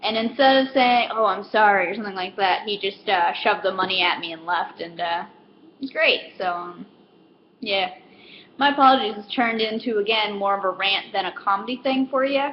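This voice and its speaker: A woman's voice: mid-range voice, moderate pace, highs cut off, a little hiss or hum. A woman who works in retail, rambling through a casual comedic rant with lots of fillers and self-deprecating asides. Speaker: retail store worker.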